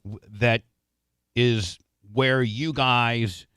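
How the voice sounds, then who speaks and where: A man's voice: medium pitch, fairly even intonation, a bit bright, clear, resonant tone, dry recording. A male radio host in a studio, talking casually and fussily on air about his microphone, stopping and restarting often. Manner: fussy, restless, halting with many restarts. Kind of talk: casual on-air chat about mic levels.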